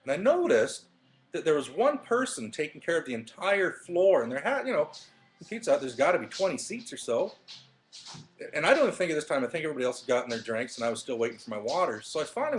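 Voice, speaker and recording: A man's voice: fairly high pitch, big pitch swings, fast talker, a little hiss or hum. A man talking casually into his webcam in his living room, telling a motivational story with plenty of fillers and restarts. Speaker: vlogger.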